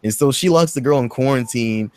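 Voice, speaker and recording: A man hosting a podcast, recapping a movie in casual, profane, rambling chat and acting out quotes in a high voice. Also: a little fast, a little mellow, dry recording. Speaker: podcast host.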